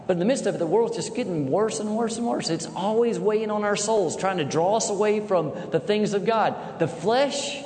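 Folksy pastor preaching in an echoey hall. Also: male voice, high-pitched, normal speed, hardly any pauses, a little hiss or hum. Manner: folksy, animated storyteller. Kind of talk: sermon with humorous storytelling. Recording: echoey hall with faint ambience.

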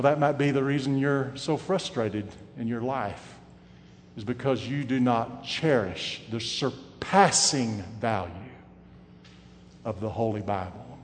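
A man preaching a sermon, his voice swinging from loud and emphatic to quiet and hushed. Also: medium pitch, unhurried, in a large hall, slight background noise.

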